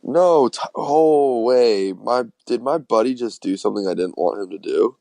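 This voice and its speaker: A man's voice: medium pitch, lively intonation, normal speed, mellow, no room sound. A young man in his twenties hosting a podcast, bantering in an easygoing, laid-back way. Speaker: podcast host. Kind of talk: casual chat.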